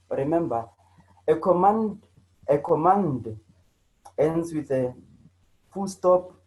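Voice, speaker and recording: A man's voice: fairly high pitch, warm tone, poor audio. A man teaching an online grammar lesson, repeating himself and checking in with students as he goes. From South Africa. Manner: repetitive, restarts often, checks in with "right?" and "you know".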